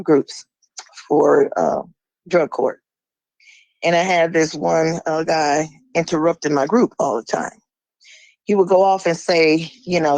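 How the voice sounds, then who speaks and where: A middle-aged woman calling in and speaking in a forceful, emphatic, preachy way. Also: low-pitched, gravelly, no room sound, rough recording. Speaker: caller. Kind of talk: impassioned monologue.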